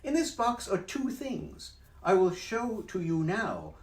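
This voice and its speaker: A man's voice: sits high, huge pitch swings, slow, pitched above the performer's own voice, exaggerated voice. A man doing a jaunty, showy mischief-making cat. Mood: playful. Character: cheeky mischievous cat in a hat, male, playful. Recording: roomy sound from a distance.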